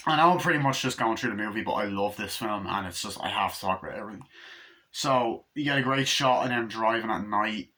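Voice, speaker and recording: Young man, bright and eager, retelling movie scenes in a loose, profane review. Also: lowish voice, brisk.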